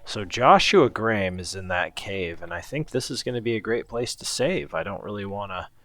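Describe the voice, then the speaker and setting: Deep-voiced man musing through gameplay. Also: normal speed. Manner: relaxed, musing, talks to himself. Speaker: gameplay commentator. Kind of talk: casual let's-play commentary.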